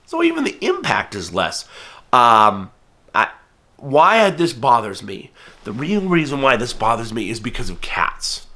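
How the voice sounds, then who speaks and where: A man's voice: medium pitch, wildly swooping pitch, unhurried, sharp tone. A man from the United States, a falconer, explaining hunting rules in an earnest, conversational way and now and then acting out what others might say. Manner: earnest, conversational, acts out quoted voices. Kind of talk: casual explanatory talk to camera.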